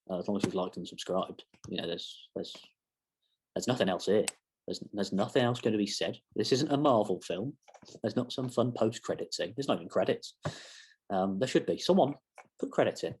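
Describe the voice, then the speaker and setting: A man's voice: lowish voice, brisk, darkish tone, a little hiss or hum. A young man giving a casual football match reaction to camera, rambling with self-mocking asides. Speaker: fan channel presenter.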